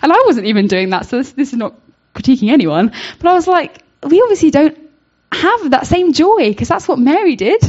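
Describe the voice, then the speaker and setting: A woman's voice: high-pitched, very animated, fairly quick. A woman giving an informal devotional talk, earnest and searching, with many fillers and restarts. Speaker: speaker giving a Bible reflection. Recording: dull lo-fi recording.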